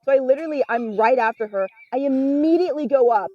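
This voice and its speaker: A woman's voice: quick pace, no echo, highs cut off. Candid young woman comedian telling stories. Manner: candid storyteller, acts out quoted people with pitch jumps. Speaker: guest comedian. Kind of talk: casual podcast chat.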